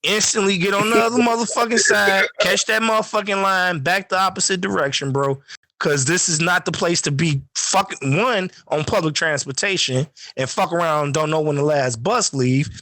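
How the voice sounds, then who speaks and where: A man spins profane, animated stories on a casual podcast. His voice sits a bit high for a man and is recorded close and dry, with no room sound. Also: moderate pace, no echo. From Chicago. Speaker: podcast host. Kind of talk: casual chat.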